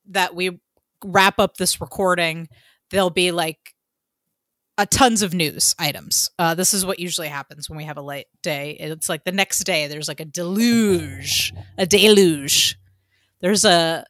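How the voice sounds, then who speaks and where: A woman's voice: on the low side, fairly bright tone, dry recording, studio quality. A woman co-hosting a casual podcast, chatty and loose, with lots of ums and the odd swear word. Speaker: podcast co-host. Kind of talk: casual chat.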